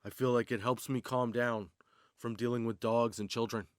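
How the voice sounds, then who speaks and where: A comedy podcast host rambles through a casual, profane stoner monologue in stand-up style. His medium-pitched voice is steady and clean at a moderate pace, with a dry, clean studio sound.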